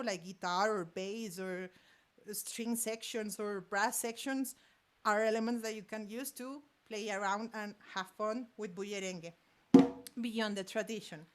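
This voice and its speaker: A percussion teacher from Colombia, Spanish being her first language, runs a music master class on drum rhythms with a voice on the high side. She counts each pattern aloud in vocal syllables while drumming, amid hand drums and percussion.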